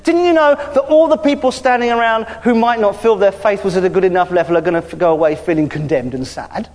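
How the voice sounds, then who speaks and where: Male preacher with a high voice, chatty and animated, recorded with long hall reverb. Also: fast talker. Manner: lively, conversational preaching with frequent hallelujahs. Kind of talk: sermon. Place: church hall.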